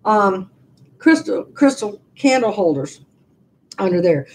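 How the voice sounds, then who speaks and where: A woman's voice: medium pitch, big pitch swings, normal speed, breathy edge. A woman in her sixties chatting casually from her living room, telling rambling stories with many restarts. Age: 60s. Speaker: vlogger. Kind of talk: casual live-stream chat.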